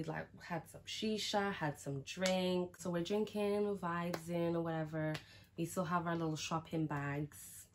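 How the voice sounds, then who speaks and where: A woman's voice: lowish voice, fairly bright tone, a little hiss or hum. A young woman, chatting frankly through a casual storytime, with lots of "like" and some swearing. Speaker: vlogger.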